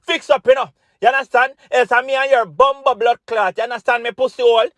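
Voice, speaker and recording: A man's voice: very high-pitched, steady tone, fast, no room sound, studio quality. A man playing a short-fused Jamaican father who rants and swears at his son while banning swearing, in thick patois. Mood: furious. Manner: loud ranting scold in thick patois. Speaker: comedy skit actor.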